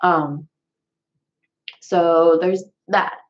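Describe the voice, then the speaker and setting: A woman's voice: fairly low pitch, steady tone, very slow, highs cut off. A woman vlogger in casual chat, talking straight to her viewers. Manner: chatty, talks straight to viewers.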